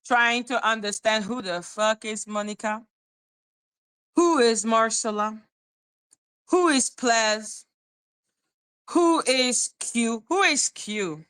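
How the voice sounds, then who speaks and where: A woman's voice: fairly high pitch, slow, long pauses, a bit bright, clear, resonant tone, poor audio. A woman hosting a gossip commentary channel, talking in a mocking, profane way. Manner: mocking, profane, sing-song impressions. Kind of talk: drama commentary.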